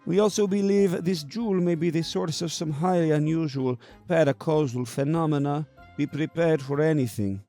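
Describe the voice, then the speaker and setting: A man voicing a severe, terse woman secret agent with a light Russian accent, clipped and deadpan. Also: fairly high pitch, normal speed, faint music behind, voice pushed up, natural voice. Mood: guarded.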